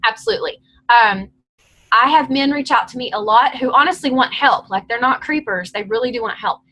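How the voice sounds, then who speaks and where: A woman's voice: fairly high pitch, a little fast, bright, forceful tone, poor audio. A woman leading a team call, coaching her team in a direct, encouraging, chatty way.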